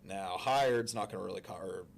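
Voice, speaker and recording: A man's voice: low-pitched, a little fast, gravelly, slight background noise. A man in the insurance business telling a work story in a chatty, joking way, with plenty of restarts and asides. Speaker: insurance agent guest. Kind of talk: casual anecdote telling.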